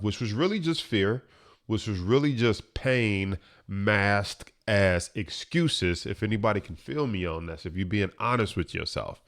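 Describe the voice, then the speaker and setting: Motivational speaker, man, low-pitched, earnest storyteller. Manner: earnest, builds from hushed to emphatic.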